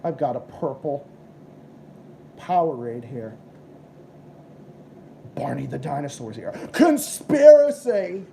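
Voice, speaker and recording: A man's voice: mid-range voice, takes it slowly, gravelly, pauses often, dark tone, slight background noise. A young man hosting a live stream, ranting and swearing as he chats with viewers. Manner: profane, ranting, combative. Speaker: livestream host. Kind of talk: casual live-stream chat.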